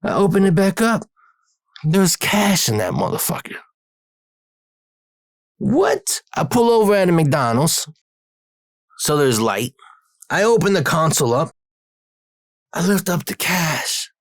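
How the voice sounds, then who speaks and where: A man's voice: on the high side, lively intonation, measured pace, pauses often, no echo, studio quality. A man casually telling a profane, streetwise story about a deal that went wrong.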